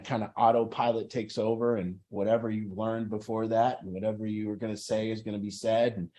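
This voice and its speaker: A man's voice: lowish voice, a little mellow. A man talking earnestly to a recovery group, acting out people's inner voices as he explains. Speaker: group facilitator. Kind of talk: motivational group talk.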